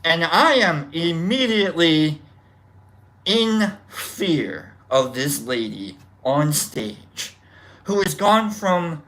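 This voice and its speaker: Rambling animated storyteller host. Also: medium pitch, extremely slow. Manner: rambling, animated, acts out scenes with shouts. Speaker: show host. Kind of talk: casual storytelling.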